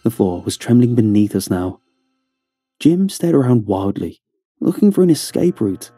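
Dark, husky male horror narrator. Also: lowish voice, very animated, normal speed, dry recording, faint music behind. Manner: tense, dramatic storytelling. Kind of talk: first-person horror story narration.

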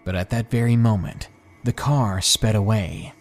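A male horror storyteller reads in a calm, measured, ominous way. His voice sits low and steady. Soft music plays faintly beneath him. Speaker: horror story narrator and channel host. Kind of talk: scripted narration of a horror story.

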